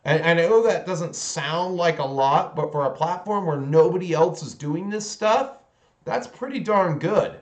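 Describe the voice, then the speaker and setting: A man hosts a hobby livestream in loose, casual chat. His voice sits a little high for a man. He rambles and restarts his sentences, and he speaks bluntly. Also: animated, measured pace. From United States. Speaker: hobby channel host.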